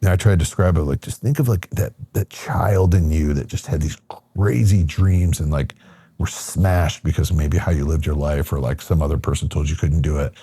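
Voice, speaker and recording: A man's voice: rumbling low, normal speed, dark tone, husky, no room sound. A middle-aged man from Michigan, a podcast guest, telling a personal story casually with lots of fillers and acted-out quotes. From Michigan, USA.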